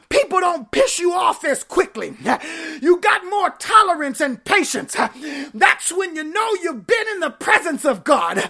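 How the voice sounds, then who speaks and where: A woman preacher with a very high, bright voice and a gravelly edge, giving a fervent sermon. She shouts and cries out key phrases and calls straight to her congregation. Her phrasing stays slow and drawn out even when she is loud. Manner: talks straight to the congregation, stretching key words.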